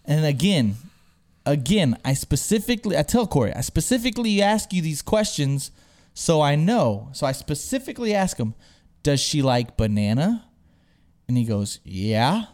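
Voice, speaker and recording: A young man chatting casually on a podcast, slightly high in pitch. He tells stories with lively energy and acts out what others said. He keeps calling his listener "dude.". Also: moderate pace. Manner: animated storyteller, says "dude" a lot, acts out quotes. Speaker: podcast host. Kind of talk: casual chat.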